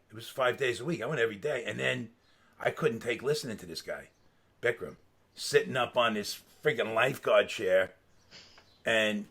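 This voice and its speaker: A middle-aged man with a gravelly, husky voice telling casual stories as a guest. He talks in an animated, loose way, laughs mid-sentence, and swears freely. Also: mid-range voice. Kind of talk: casual storytelling.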